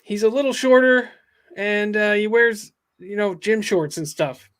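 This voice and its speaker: A man voicing a frightened teenage boy in a comic book read-along, pitching up and stammering. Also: a little slow, fairly bright tone, clean tone. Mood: anxious.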